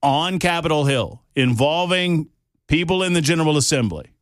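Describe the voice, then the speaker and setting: A man's voice: on the high side, lively intonation, normal speed, no echo, studio quality. A man on a talk radio show, chatting casually with the host in a teasing, conspiratorial way. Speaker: radio show regular, political commentator. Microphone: studio microphone.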